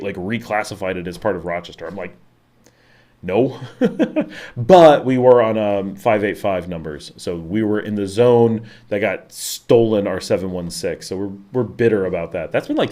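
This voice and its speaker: A middle-aged host from Western New York, speaking with a Buffalo accent in a low, slightly mellow voice, reads viewer comments during a casual live stream. His talk rambles, packed with fillers and restarts.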